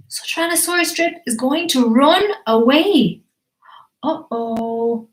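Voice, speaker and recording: A woman teacher reading a picture book live to children, animated and encouraging, asking questions as she goes. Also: sits high, moderate pace, echoey room. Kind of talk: live storytelling for kids.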